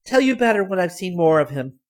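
Man voicing a spunky, brisk young woman. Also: high voice, pitched above the performer's own voice. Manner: lively, decisive, matter-of-fact.

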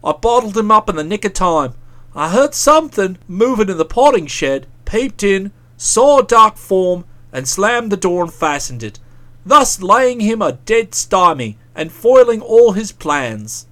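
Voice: medium pitch, sing-song, measured pace, a bit bright, pitched below the performer's own voice. A reader voicing a self-satisfied young man who talks in a breezy, pompous way. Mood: smug, breezy. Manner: breezy, pompous, pleased with himself. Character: self-satisfied young male writer, jaunty.

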